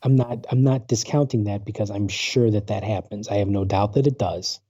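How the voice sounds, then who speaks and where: Man in his forties, guest on a call, rambling storyteller, low mellow voice, dull lo-fi audio. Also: moderate pace, husky, dry recording. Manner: rambling, full of fillers and restarts. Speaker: guest, paranormal researcher. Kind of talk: casual storytelling interview. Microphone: video call.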